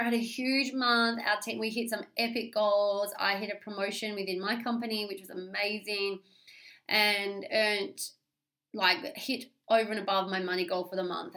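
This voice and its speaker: An Australian woman talking openly and at length in a solo podcast, confessional and animated, swearing freely and rambling with restarts. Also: medium pitch. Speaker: podcast host. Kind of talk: candid solo podcast monologue.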